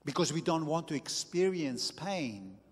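A man preaching a sermon as pastor, slow and deliberate with emphatic bursts. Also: a little high, big pitch swings, slightly rough, long reverb tail.

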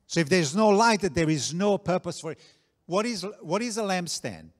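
A man preaching a sermon, slow and deliberate, repeating key phrases for emphasis. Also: high voice, animated. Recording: long reverb of a large hall.

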